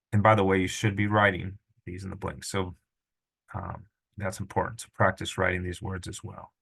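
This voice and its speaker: A man's voice: deep voice, vocal fry. A middle-aged man teaching a language lesson, patiently sounding out syllables and correcting himself as he goes. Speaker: Greek teacher. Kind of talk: screen-recorded lesson.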